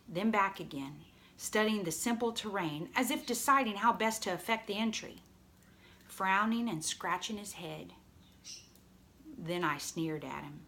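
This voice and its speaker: A woman reading a novel aloud as narrator, expressive and storytelling. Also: medium pitch. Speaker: audiobook reader.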